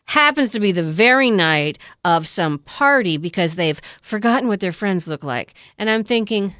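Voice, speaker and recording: A woman casually recapping a movie plot in an animated way, acting out scenes with sound effects and quoted voices. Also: medium pitch, moderate pace, hardly any pauses, no echo, studio quality. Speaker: podcast co-host recapping a movie. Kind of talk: casual chat.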